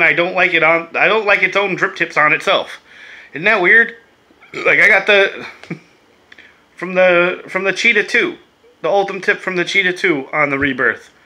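Male vlogger, profane and rambling, slightly high, very bright voice. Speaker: beer and vape reviewer. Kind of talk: casual review vlog.

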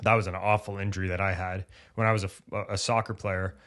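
A man co-hosting a podcast on sports injury recovery, who talks casually and acts out the thoughts of injured athletes in lively bursts. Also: low voice, fast. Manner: animated, acts out athletes' inner voices.

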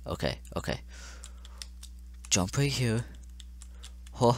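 A man's voice: on the low side, moderate pace, fairly bright tone, no room sound. A young man commenting on his own gameplay, exclaiming and getting frustrated as he talks to the game. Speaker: gaming channel host. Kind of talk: let's play commentary.

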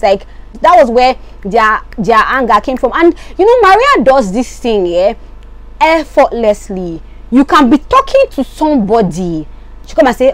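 A woman's voice: fairly high pitch, moderate pace. A woman, chatting casually as she recaps reality show gossip with lots of asides. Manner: chatty, animated, lots of "you get me".

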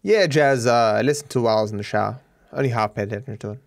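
An Australian man livestreaming a video game, joking deadpan as he plays. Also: medium pitch, rapid-fire, gravelly, no room sound. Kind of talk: casual game commentary.

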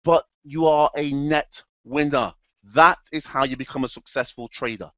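Man, motivational trading talk, emphatic, fairly high voice, dry dull recording. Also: normal speed, sharp tone, no echo. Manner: emphatic, repetitive, direct address to audience. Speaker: trading educator and presenter.

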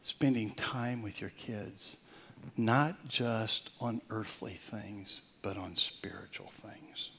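Older male pastor, loud to whispered. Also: lowish voice, slow, gravelly, a little hiss or hum. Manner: swings from loud emphatic preaching to soft near-whispered storytelling. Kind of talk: sermon.

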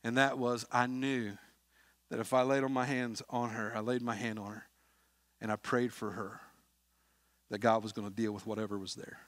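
Earnest preacher with a dry sound. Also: male voice, mid-range voice, level tone, normal speed, pauses often, no room sound. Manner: earnest storytelling, swinging from hushed to loud. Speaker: pastor. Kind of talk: sermon. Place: church sanctuary.

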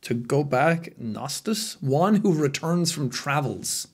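A man's voice: a little high, expressive, takes it slowly, slightly rough. A young Irish man co-hosting a podcast in casual chat, joking, laughing often and swearing freely. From Ireland. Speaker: podcast co-host.

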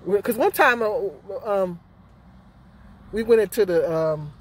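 A woman's voice: medium pitch, animated, slow, husky. A middle-aged woman vlogging her opinions, emphatic and full of rhetorical questions, often asking "okay?". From Michigan, United States. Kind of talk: casual opinion vlog.

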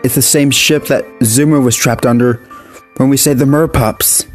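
A man voicing a frightened young male pup who speaks in a shaky, halting way. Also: mid-range voice, steady tone, faint music behind, voice pushed up, natural voice. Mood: shaken.

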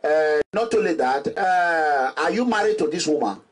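Husky Nigerian man hosting a call-in. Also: fairly high pitch, animated, normal speed. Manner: probing, talks over the caller. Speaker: host. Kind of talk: phone-in radio show.

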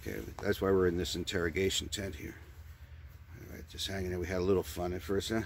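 A man's voice: low voice, flat delivery, fast, gravelly, slight background noise. A man doing an improvised comic sketch with a puppet, stammering, repeating words and rambling. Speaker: puppeteer comedian.

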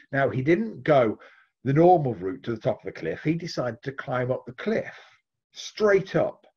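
A man's voice: medium pitch, husky, highs cut off. A man, an author and storyteller, telling a folk tale expressively and answering interview questions.

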